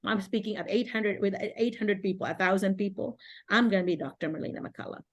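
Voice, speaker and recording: Chatty middle-aged filipina lady on a zoom call, laughs a lot, mid pitch. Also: brisk, lo-fi sound. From Philippines. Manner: chatty, laughs often, animated self-quoting. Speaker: teacher mentor hosting a video call. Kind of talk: casual video-call chat. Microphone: video call.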